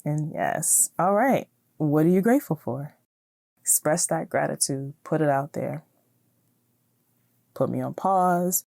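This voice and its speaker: Woman podcast host, low register, easygoing and encouraging, dry close sound. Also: creaky, mellow, no room sound. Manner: chatty, encouraging, laughs often. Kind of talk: casual solo podcast talk.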